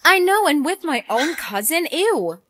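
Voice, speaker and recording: A woman acting in comedy skits, chirpy and lively. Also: high-pitched, measured pace, heavily acted.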